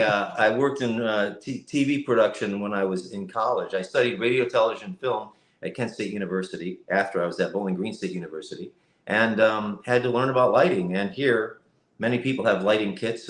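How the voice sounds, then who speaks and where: A man's voice: on the low side, brisk. A man from Cleveland, Ohio, a guest voice actor on a casual live-stream interview over a video call from home, explaining things reflectively with many fillers. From Cleveland, Ohio, USA. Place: home setup with a lighting kit. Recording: roomy echo.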